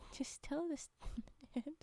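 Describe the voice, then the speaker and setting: Her high-pitched voice moves very slowly as she plays around with viewers on an ASMR stream, speaking softly, frequently slipping into a whisper and giggling often. There's no echo.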